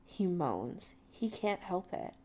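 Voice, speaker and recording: A woman reading a piece of fiction aloud in a steady, matter-of-fact way. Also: fairly low pitch, slow pace. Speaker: reader.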